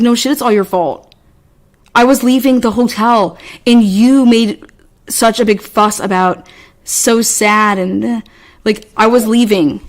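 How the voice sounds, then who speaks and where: A woman co-hosting a podcast, telling a story in a rambling, exasperated way, swearing freely and restarting often. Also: mid-range voice. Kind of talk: casual storytelling chat.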